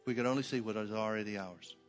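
A man's voice: fairly low pitch, racing, big-room sound, soft background music. A man preaching a sermon in an emphatic, rhythmic cadence, leading a congregation.

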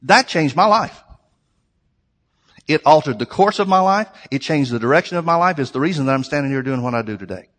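A man's voice: on the high side, animated, brisk, a bit bright. A man preaching a sermon to his congregation, earnest and conversational, with emphatic repetition. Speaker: pastor. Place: church sanctuary. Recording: long reverb of a large hall.

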